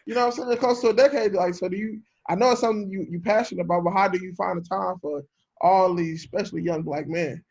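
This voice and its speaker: A man's voice: high voice, fairly even intonation, fast, creaky, darkish tone. A man hosting a podcast, asking long, loose questions with many fillers in a casual way. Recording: dull lo-fi recording.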